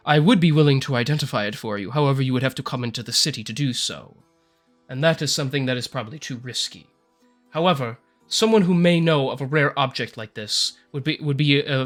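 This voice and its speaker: A man's voice: mid-range voice, fairly bright tone, pitched below the performer's own voice, lightly acted. A man voicing a prickish male noble in a tabletop game, reading a letter aloud in a haughty, formal tone. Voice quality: haughty, lordly tone.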